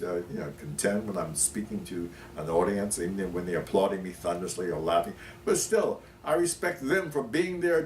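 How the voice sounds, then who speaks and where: Older man telling stories, distant roomy sound. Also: low voice. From Pennsylvania, USA. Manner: animated, many fillers and restarts, acts out quotes. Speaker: interview guest. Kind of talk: anecdotal storytelling. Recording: roomy, distant mic, faint noise.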